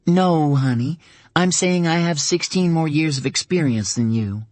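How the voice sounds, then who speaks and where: A man's voice: on the high side, measured pace, no room sound, voice pushed up, close to an everyday voice. A man voicing a firm, loving young mother. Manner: gentle and earnest, turning firm. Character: woman in her early thirties, a loving but firm mother.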